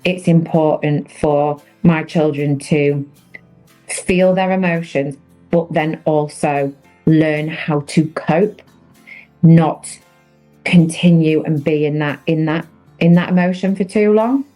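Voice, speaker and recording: A woman in her thirties speaks as a podcast guest, with a lowish voice and an earnest, reflective way of telling her story. It is a candid, unscripted conversation with faint music underneath. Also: fairly even intonation, takes it slowly, warm tone, poor audio.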